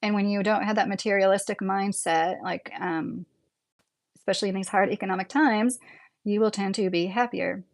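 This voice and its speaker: A woman with a Midwestern accent talks in a loose, rambling way as she hosts a livestream. She sits at a mid pitch for a woman, answers chat messages as they come, and laughs easily between her thoughts. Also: fairly even intonation, moderate pace. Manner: chatty and rambling, laughs often. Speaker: livestream host reading chat.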